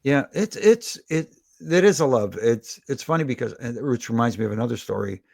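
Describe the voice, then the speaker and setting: Gravelly middle-aged man telling stories. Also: mid-range voice, fairly quick, no room sound, clean studio sound. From Toronto, Canada. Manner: rambling, animated anecdotes with many restarts. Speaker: guest, former wrestling referee. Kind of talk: casual storytelling interview.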